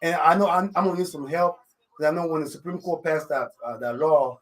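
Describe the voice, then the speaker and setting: Rambling African radio host, French accent. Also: male voice, on the high side, fairly quick. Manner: rambling, constant "you know what I'm saying" fillers; confident, jokey. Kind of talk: casual live radio talk. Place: radio studio. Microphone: studio microphone.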